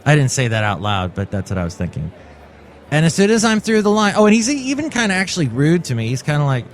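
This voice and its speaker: A man's voice: on the high side, huge pitch swings, fast. A man in his forties hosting a comic solo podcast, telling stories in a wry, jokey way. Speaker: podcast host.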